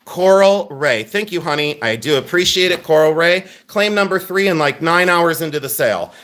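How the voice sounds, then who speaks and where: A man hosting a live online jewelry sale, loud, excitable and chatty, with a habit of teasing himself. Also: a little high, moderate pace. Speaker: livestream jewelry seller. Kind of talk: live online sales pitch.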